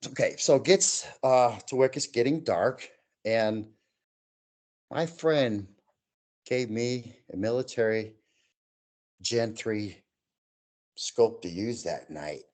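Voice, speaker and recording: A man telling his own eerie outdoor experiences to an interviewer, in an animated way that acts out the other people in the story. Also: medium pitch, slow, long pauses. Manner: animated, acts out quoted voices. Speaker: guest storyteller. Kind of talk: telling personal paranormal stories.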